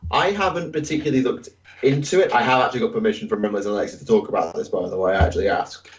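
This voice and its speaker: A man's voice: lowish voice, very fast. A man chats loosely as a podcast co-host, hedging his answers with fillers and restarts. He sits a little distant from the mic, and his voice comes through dull and muffled, like online call audio. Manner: rambling and hesitant, with many fillers. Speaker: podcast co-host reading listener questions. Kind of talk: casual podcast chat.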